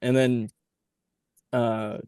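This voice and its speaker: A man's voice: mid-range voice, flat delivery, drawn-out words, a little mellow, clean tone, dry recording. Guest musician, male, rambling casual storyteller, close dry mic. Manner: rambling, many "like" fillers. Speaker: touring band member, podcast guest.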